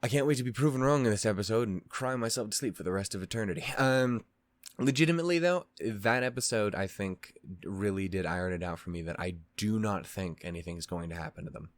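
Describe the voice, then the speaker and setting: A man's voice: lowish voice, quick pace, no room sound. A man hosting a reaction channel, casually recapping a show in a rambling way, with lots of fillers, restarts and swearing.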